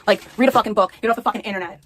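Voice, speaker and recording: A woman's voice: medium pitch, racing. A woman livestreaming an angry rant, profane and repeating herself.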